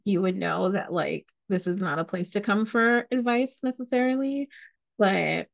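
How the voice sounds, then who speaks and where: A woman's voice: medium pitch, creaky. A young adult woman hosting a podcast, ranting casually and profanely, laughing often. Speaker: podcast host.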